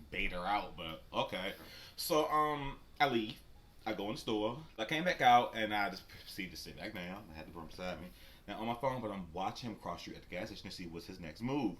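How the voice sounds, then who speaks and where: A man vlogger telling a story casually while he eats, animated and profane, and talking straight to his viewers. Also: lowish voice. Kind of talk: casual storytelling during a mukbang.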